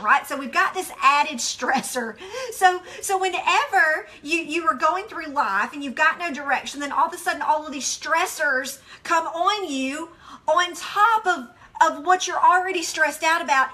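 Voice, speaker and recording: A middle-aged woman giving a casual devotional teaching, chatty and expressive, with frequent restarts and filler words. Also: sits high.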